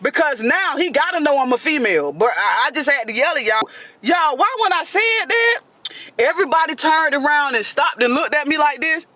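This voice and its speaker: A woman telling a dramatic story in a casual storytime monologue, animated and keeps addressing her listeners directly. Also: high voice, a little fast, dry recording.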